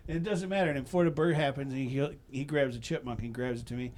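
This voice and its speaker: A man hosting a relaxed podcast, spinning stories in a loose, profane way. His level jumps around, from low mutters up to sudden loud bursts, and he talks at an everyday middle pitch. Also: fast talker. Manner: profane, animated storyteller, swings between mumbles and loud bursts. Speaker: podcast host. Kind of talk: casual chat.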